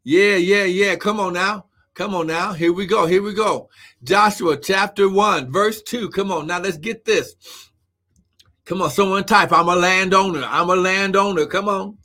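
A male preacher with a very high, bright and forceful voice, delivering a sermon to an online audience. He preaches with fervour, often shouts and keeps urging his listeners on with "come on now." He breaks into speaking in tongues now and then. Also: moderate pace. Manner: fervent, frequently shouting, repeats "come on now". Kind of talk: live-streamed sermon.

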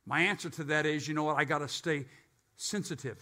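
A man's voice: a little high, fairly quick, sharp tone. An older man preaching a conversational sermon as pastor, often asking and answering his own questions.

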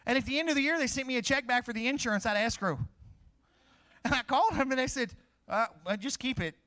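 A man's voice: very high-pitched, fast, bright, forceful tone. A middle-aged man preaching a sermon, asking questions and answering them himself.

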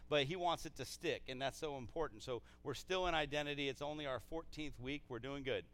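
A man pastor preaching a sermon in a church, casual and energetic, with frequent restarts. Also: medium pitch, fairly quick, few pauses. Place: church sanctuary.

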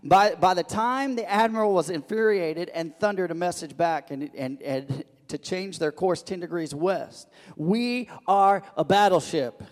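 A man preaching a sermon as a pastor, loud on his emphasis and hushed on his quiet lines, often repeating and restarting words. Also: sits high, moderate pace, hardly any pauses. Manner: animated, swings between loud emphasis and soft hushed lines; frequent repetitions and restarts. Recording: long reverb of a large hall.

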